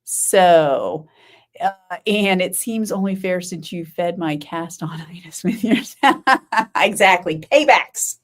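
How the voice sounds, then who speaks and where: Chatty lower-voiced woman host. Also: lively intonation, takes it slowly. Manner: chatty and rambling, laughs often, answers viewers by name. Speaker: knitting podcast host. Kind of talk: casual live-stream chat with viewers.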